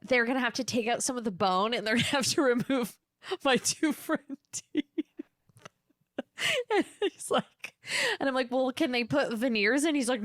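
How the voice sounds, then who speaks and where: A woman's voice: fairly high pitch, moderate pace, dry recording, clean studio sound. A woman in her thirties hosting a solo podcast, telling a funny story with swearing and playful impressions of the people in it. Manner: animated, profane, mimics people in quoted bits. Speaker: podcast host.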